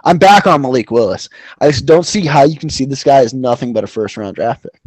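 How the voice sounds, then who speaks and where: A man's voice: mid-range voice, lively intonation, brisk, a little mellow, breathy edge, no echo. Loose, profane man talking sports. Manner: loose, profane, rambling with fillers. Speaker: podcast co-host. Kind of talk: casual sports betting chat.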